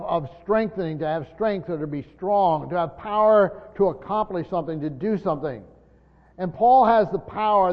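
An older man preaching a sermon in a teacherly way, repeating his points with many pauses and "uh" fillers. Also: high voice. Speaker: pastor. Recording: dull lo-fi sound with long hall reverb.

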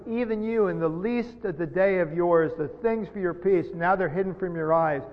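A middle-aged man preaching a sermon as pastor, earnest and halting, with repeated words, rising to emphatic peaks. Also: sits high. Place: church sanctuary. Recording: dull sound with long hall reverb.

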